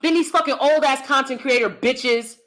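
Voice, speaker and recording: A woman vlogger telling a personal story in a blunt, profane, emphatic way, and calling herself loud. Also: sits high, moderate pace.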